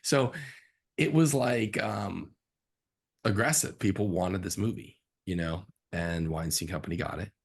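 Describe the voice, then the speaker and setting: A man, a film director as guest, telling stories from his career in a casual, animated interview. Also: low-pitched, a little slow, creaky, husky. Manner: animated, acts out quotes in a raised voice.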